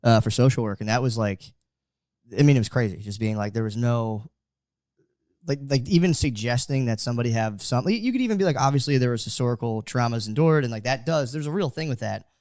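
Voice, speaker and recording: A man from the United States talks quickly in loose podcast chat. He rambles and restarts, with filler words all the way through. The mic is close and the sound dry, with no room in it. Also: mid-range voice, lively intonation, a little mellow, dry recording. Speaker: podcast co-host. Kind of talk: casual chat.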